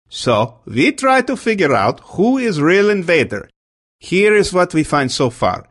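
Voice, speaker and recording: A man's voice: a little high, a bit bright, heavily acted. A man playing a mock Russian head of state in a radio comedy sketch, with a put-on Russian accent and broken English, acting innocently puzzled.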